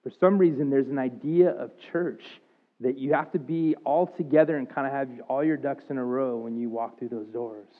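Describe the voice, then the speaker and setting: A man's voice: mid-range voice, moderate pace. Male pastor, thirties, earnest sermon, emphatic bursts, tinny phone-like audio. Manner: earnest, confessional, rising to emphatic outbursts. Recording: thin phone-like sound.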